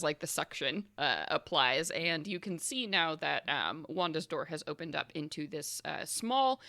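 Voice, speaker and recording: A woman's voice: low-pitched, vocal fry, a bit bright, dry recording. A woman narrating as game master of a tabletop game, casual and full of fillers.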